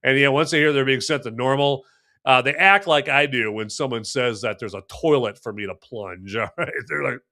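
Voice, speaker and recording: A man's voice: mid-range voice, moderate pace, sharp tone. A man hosting a live movie review podcast, rambling and joking while answering the live chat. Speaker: podcast host.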